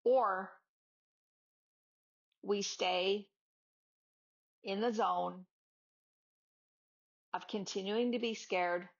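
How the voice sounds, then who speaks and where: A woman yoga teacher and podcast host giving a casual motivational talk, chatty and acting out little dialogues with her students. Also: medium pitch. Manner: conversational, acts out dialogues with students. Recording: slightly dull lo-fi audio.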